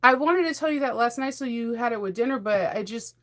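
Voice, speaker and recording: A woman's voice: fairly high pitch, fast talker, a bit bright. A middle-aged woman hosting a sewing channel, chatting casually in a rambling, enthusiastic way and laughing often. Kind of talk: casual chat.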